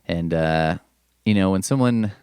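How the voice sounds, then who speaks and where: On a podcast, a male host rambles casually about an old comic book, swearing a lot and wandering into asides. His voice is low, unhurried and somewhat dark, and the recording is clean with no room sound.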